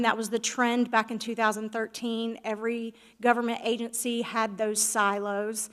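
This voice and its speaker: A woman's voice: on the high side, fairly bright tone. A woman on the village staff presenting a website report to the council in an organized, friendly, explanatory way. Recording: reverberant meeting hall.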